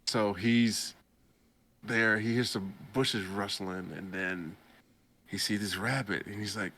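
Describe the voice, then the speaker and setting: A man's voice: fairly low pitch, fairly even intonation, takes it slowly, bright, forceful tone. A young man hosting a podcast, casually recapping a story in a rambling way, laughing as he goes. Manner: rambling, laughs while he tells it. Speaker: podcast host.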